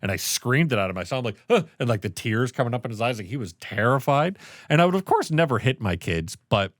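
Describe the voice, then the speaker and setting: A man co-hosting a casual podcast, telling stories and swearing freely. His pitch swings widely as he acts out scenes. The sound is close and dry, with no room around it. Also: fast, dry recording. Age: 30s. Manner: animated storytelling, swears often. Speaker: podcast co-host.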